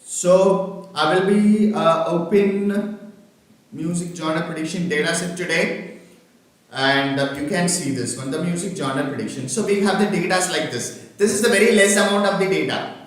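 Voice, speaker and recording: Echoey male trainer, halting. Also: high voice. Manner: halting, with many fillers and repeated checks that he can be heard. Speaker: workshop trainer. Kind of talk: online lecture with screen demonstration. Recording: very echoey room, from far off the mic.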